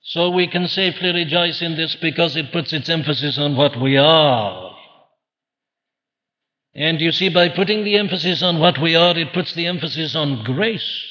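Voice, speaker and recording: A man's voice: a little high, a little fast, few pauses, bright, forceful tone, highs cut off. Earnest man preaching in an echoing church. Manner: earnest, rhetorical questions answered himself. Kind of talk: sermon.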